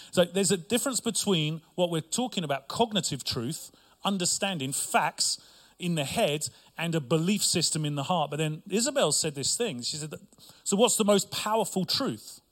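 A middle-aged male pastor preaching a sermon with humor and asides to his congregation. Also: on the high side.

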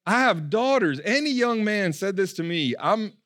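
A man preaching a sermon in a church room, in a casual, animated way, with slang and joking asides. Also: high voice, normal speed. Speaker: pastor.

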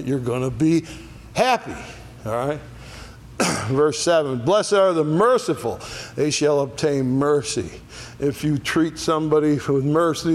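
A man's voice: on the high side, a little mellow, slight background noise. A man teaching an adult Sunday school Bible lesson in a church classroom, folksy, often checking in with "all right?". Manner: folksy, asks "all right?" after each point.

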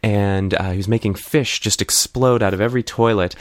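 A middle-aged man co-hosting a comedy podcast, telling absurd stories deadpan and slipping into silly voices. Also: on the low side, a little fast, dry recording, clean studio sound. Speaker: podcast co-host. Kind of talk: casual comedic chat.

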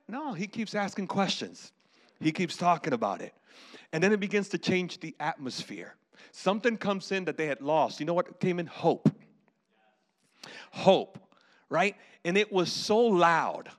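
A man preaching a sermon, telling the story with lively acted voices and calls for the audience to repeat. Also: high voice, normal speed. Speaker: pastor.

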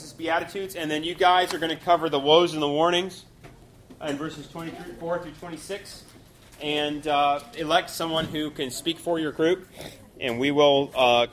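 A man's voice: on the high side, a bit bright, slight background noise. A man teaching a Bible study class in a loose, conversational way, full of fillers and restarts.

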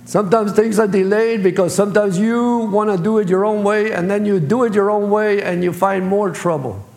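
A man's voice: sits high, moderate pace, vocal fry, a little mellow. A man preaching a sermon as pastor, speaking in plain colloquial phrasing and acting out voices. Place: church sanctuary. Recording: echoey church hall.

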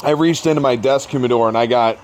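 Animated, swearing male podcast co-host. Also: medium pitch, fast talker, slight background noise. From American Midwest. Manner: animated storyteller, acts out his own quotes, swears freely. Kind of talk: casual chat.

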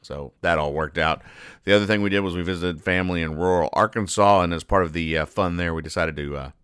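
A man hosting a comedy podcast, recapping comic strips in a rambling, self-deprecating deadpan. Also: low-pitched, fast, clear, resonant tone, no room sound, clean studio sound. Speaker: podcast host.

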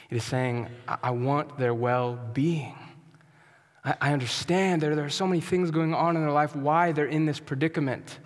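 A man preaching a sermon as pastor, earnest and emphatic, sometimes dropping to a soft, quiet tone. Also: medium pitch, in a large hall. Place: church sanctuary.

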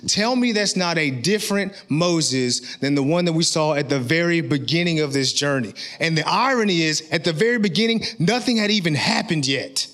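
A male pastor preaching a sermon in an energetic, conversational way, often checking in with his listeners. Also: on the high side, moderate pace, few pauses.

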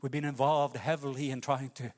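A Norwegian man preaching a sermon with passion, rising to loud cries and dropping to hushed lines. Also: medium pitch, flat delivery, a little fast, long reverb tail. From Norway. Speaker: pastor.

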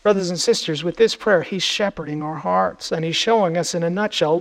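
High-voiced earnest male preacher. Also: fairly quick, vocal fry, few pauses. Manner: earnest preaching, repeats phrases for emphasis. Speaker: pastor. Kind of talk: sermon.

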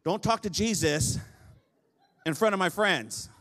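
Male pastor, high voice, chatty storytelling sermon with playful asides. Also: measured pace, a bit bright. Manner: conversational storytelling, repeats and restarts phrases; humorous asides to the congregation.

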